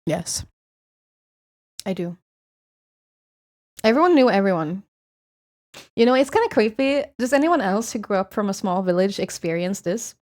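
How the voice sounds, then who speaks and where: A woman's voice: mid-range voice, animated, moderate pace, long pauses, darkish tone. A woman from Sweden with a Swedish accent, streaming and chatting casually with viewers in a rambling, swearing style.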